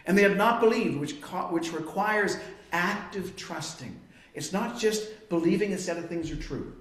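A man with a fairly high voice teaches from scripture in an earnest, emphatic sermon. The sound is roomy and echoey. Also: animated, moderate pace, a bit bright. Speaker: preacher. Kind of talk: expository Bible teaching.

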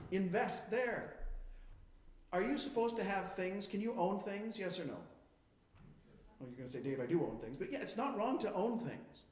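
A man preaching a sermon as a pastor, firing questions at his congregation and moving between quiet reflection and emphatic points. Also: high voice, echoey room.

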